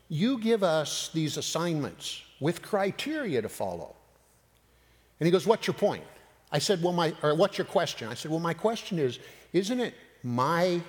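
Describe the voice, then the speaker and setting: A man preaching, telling a personal story with animated retelling of dialogue. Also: on the high side. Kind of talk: sermon storytelling. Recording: long hall reverb.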